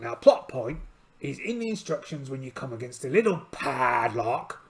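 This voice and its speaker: A man's voice: medium pitch, sing-song, moderate pace. A man playing a solo tabletop game aloud in a chatty, rambling, self-deprecating way. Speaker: solo game player and channel host.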